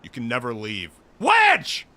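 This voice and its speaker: A man streaming a game, excitable and profane, reacting loudly and reading dialogue aloud. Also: mid-range voice, moderate pace, breathy edge. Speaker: VTuber streamer. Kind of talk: casual gaming stream.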